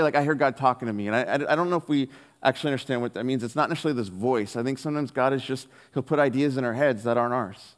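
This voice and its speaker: A man preaching a sermon, telling a personal story in an earnest way and dropping his voice softly on the key lines. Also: mid-range voice. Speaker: pastor. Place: church hall. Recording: long hall reverb.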